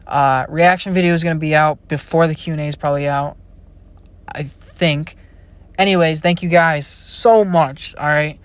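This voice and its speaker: A man's voice: a little high, steady tone, normal speed, clear, resonant tone, dry recording. A young man, a college-age YouTube creator, chatting casually and rambling through a Q&A, often trailing off. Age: young adult. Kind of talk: casual Q&A chat.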